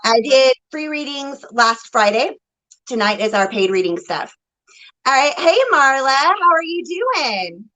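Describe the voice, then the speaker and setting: A woman's voice: high-pitched, sing-song, measured pace, bright, forceful tone, rough recording. A woman hosting a casual livestream, chatting, laughing and greeting viewers by name as a psychic reader.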